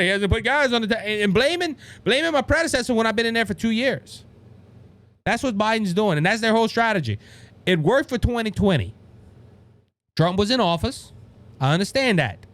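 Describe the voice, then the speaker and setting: A man's voice: high voice, lively intonation, a little fast, a bit bright. A man with a Louisiana Cajun accent hosting a political podcast, talking fervently and restarting his sentences often. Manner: fervent, repetitive, with stammered restarts. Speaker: podcast host. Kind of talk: political commentary monologue.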